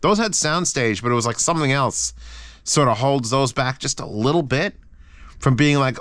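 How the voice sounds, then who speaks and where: A man's voice: medium pitch, lively intonation, normal speed, fairly bright tone, dry recording. A man casually reviewing earphones, rambling and swearing with frequent restarts. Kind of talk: casual unscripted product review.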